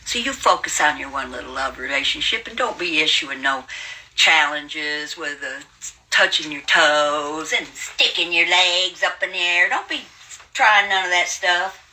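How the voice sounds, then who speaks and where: A woman's voice: low voice, a little slow, pushed and bright, rough recording. A woman in her seventies, hosting a livestream and ranting at her viewers in a brash, taunting, profane way. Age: 70s. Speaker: livestream host. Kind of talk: casual livestream rant.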